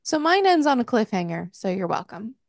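A podcast co-host casually recaps a book, chatting, swearing freely and laughing along the way. Her voice is a little high and sing-song with vocal fry, moving a little fast, recorded dry with clean studio sound.

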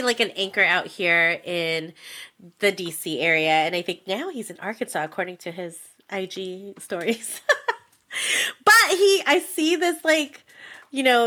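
A young woman co-hosting a podcast, telling an excitable story in casual chat, full of "like" and laughter. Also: fairly high pitch. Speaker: podcast co-host.

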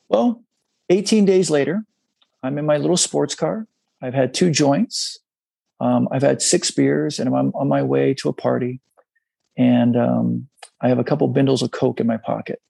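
This is a middle-aged man with a deeply gravelly, husky voice. He speaks in a dry, close sound. He tells his story in a halting, confessional way and briefly takes on the voices of the people in it. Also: dark tone, dry recording. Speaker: guest. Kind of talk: candid personal storytelling in a conversation.

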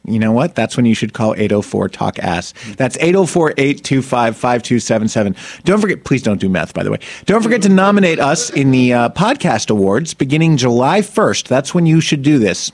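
A man's voice: mid-range voice, sing-song, fairly quick, few pauses. A man hosting a comedy podcast, brash and campy, joking his way through the show's plugs and introductions. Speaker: podcast host.

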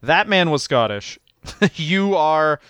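A man's voice: fairly high pitch, expressive, slow, fairly bright tone, clear, resonant tone, dry recording. A man co-hosting a comedy podcast, joking crudely and swearing often. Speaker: podcast co-host. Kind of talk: casual comedic chat.

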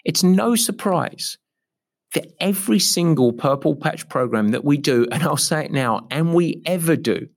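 A man's voice: on the high side, expressive, moderate pace. A middle-aged man, an endurance coach, explaining a training approach with emphatic, repetitive enthusiasm. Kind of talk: podcast-style coaching explanation.

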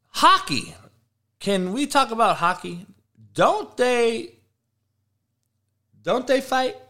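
A man's voice: high-pitched, sharp tone. A middle-aged man hosting a live show, a football coach who rants and trash-talks with constant swearing. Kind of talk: profane live-stream rant.

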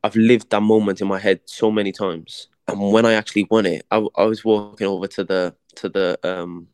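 Low-voiced man telling a story. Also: flat delivery, fairly quick, a little mellow, clean tone, no room sound, studio quality. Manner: chatty storytelling, slangy, repeats words as he restarts. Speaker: boxer, interview guest. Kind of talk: casual interview chat.

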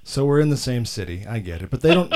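A man's voice: mid-range voice, animated, quick pace, a little mellow, slight background noise. American male host, casual and self-mocking banter. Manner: joking, self-deprecating. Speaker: podcast host. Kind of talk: casual chat.

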